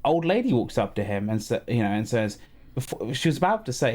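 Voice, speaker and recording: This is a man with an average pitch, ranting to his co-hosts on a podcast. He is exasperated and swears a lot. The talk is casual and unscripted. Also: animated, fast talker, darkish tone. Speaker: podcast co-host.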